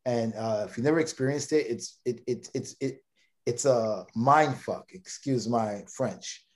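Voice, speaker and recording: A man's voice: medium pitch, a little slow. Rambling man telling his story. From Brooklyn, New York. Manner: rambling, many restarts and stammered repeats. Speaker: podcast guest. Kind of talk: casual storytelling.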